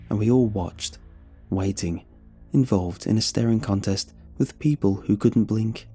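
A man narrating a horror story in an expressive, suspenseful way. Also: fairly low pitch, breathy edge.

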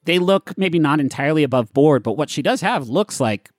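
A man's voice: a little high, animated, brisk, no room sound, studio quality. A man narrating as game master in a casual, chatty way with many fillers.

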